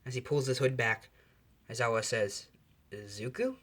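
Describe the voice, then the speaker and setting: A man's voice: medium pitch, little pitch movement, moderate pace, a bit bright. A man casually narrating a fan story in a loose, unscripted way. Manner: loose, with fillers and restarts.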